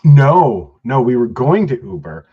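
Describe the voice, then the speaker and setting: A man's voice: medium pitch, big pitch swings, a little slow, slightly rough, dull audio. A man co-hosting a podcast, telling rambling, profane stories in casual chat. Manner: rambling, profane storytelling with laughs. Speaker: podcast co-host.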